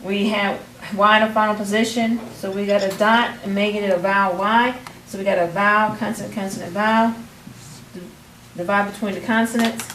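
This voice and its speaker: A woman's voice: medium pitch, steady tone, brisk, a bit bright. A woman, teaching a classroom phonics lesson, patiently prompting her students and restarting phrases. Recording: roomy, distant, faint background noise.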